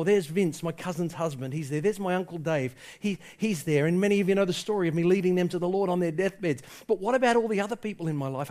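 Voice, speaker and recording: Pastor, male, high voice; impassioned sermon delivery, storytelling between exhortations. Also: fast talker, few pauses, a little mellow. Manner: impassioned storytelling, quoting people in his tale.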